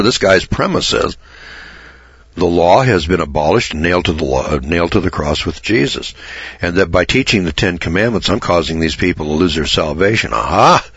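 A man telling a story in a sermon, folksy and stammering, restarting phrases and often clearing his throat. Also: deep voice, fairly bright tone, dry recording, highs cut off.

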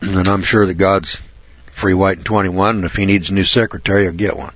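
A man's voice: low voice, fairly even intonation, fairly quick, fairly bright tone, no room sound. A man preaching a sermon in a folksy, emphatic way, repeating key phrases for weight. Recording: dull, dry lo-fi recording.

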